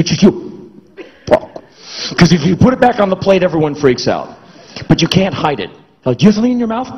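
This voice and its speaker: A middle-aged man telling a comic story on stage, acting out voices with shouts and grunts. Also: on the high side, husky, lo-fi sound. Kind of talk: spoken-word comic storytelling.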